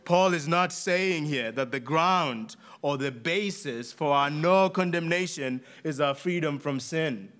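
A man's voice: a little high, fairly bright tone. A man with a noticeable accent preaching a sermon, earnest and emphatic, repeating key phrases for weight. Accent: non-native English accent. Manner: earnest, emphatic with deliberate repetition.

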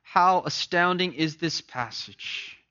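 Impassioned preacher with a bright, tense voice. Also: male voice, on the high side, slow, clean tone. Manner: impassioned, swings from loud to hushed, repeats words. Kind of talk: sermon. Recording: dull lo-fi recording.

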